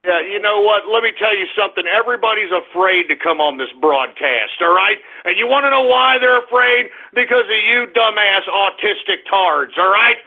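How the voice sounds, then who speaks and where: A man hosting a call-in radio comedy show, ranting and shouting at callers in a cartoonishly high, strained voice. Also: moderate pace, few pauses. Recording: tinny phone-line sound.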